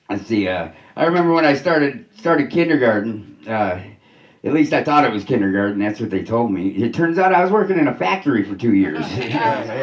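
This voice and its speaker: A man doing a stand-up comedy set in a club, delivering deadpan one-liners with many halting restarts and "uh"s, laughing at his own jokes. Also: on the high side, roomy sound, highs cut off.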